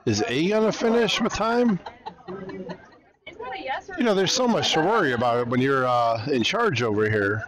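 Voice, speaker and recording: A man's voice: medium pitch, normal speed, pauses often, a crowd in the background. A man hosting a casual live stream at a curling club, chatting and commenting on the games. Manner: relaxed, chatty, talks over the game. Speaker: club livestream host. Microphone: headphones and microphone.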